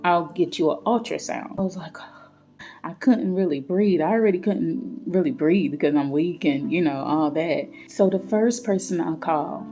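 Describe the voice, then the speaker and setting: Chatty woman with a warm, mellow voice. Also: on the low side, moderate pace. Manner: chatty, retelling with quoted dialogue. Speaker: storyteller. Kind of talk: casual storytime vlog. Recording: faint guitar music behind. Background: soft guitar music.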